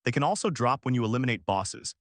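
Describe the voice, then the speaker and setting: A man's voice: medium pitch, lively intonation, fast, dry recording, clean studio sound, natural voice. A man voicing a cunning young hero who has lived through the same game many times, talking in a cool, matter-of-fact inner monologue. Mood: explaining. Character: cunning young man, a calm time-looper.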